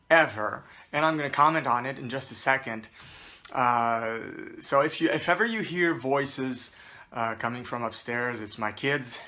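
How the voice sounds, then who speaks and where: Bright-voiced chatty man hosting. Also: mid-range voice. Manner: chatty, rambling, frequent fillers and restarts. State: out of breath. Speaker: host. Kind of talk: casual to-camera commentary.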